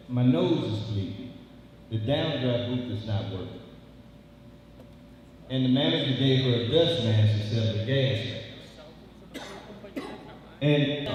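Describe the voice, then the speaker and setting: A high-voiced man rallies a crowd in call-and-response, hammering the same questions over and over. He sounds far from the mic, his voice booming around a large reverberant hall. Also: a little mellow. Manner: call-and-response exhortation, repeating phrases. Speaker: union meeting speaker. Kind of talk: rallying speech to a crowd. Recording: echoey hall, heard from far off.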